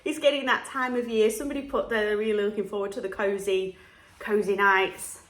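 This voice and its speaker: A woman's voice: mid-range voice, fairly even intonation, brisk, fairly bright tone. A woman, vlogging in a casual, chatty and upbeat way with frequent laughs. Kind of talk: casual chat to camera. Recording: echoey room with faint music.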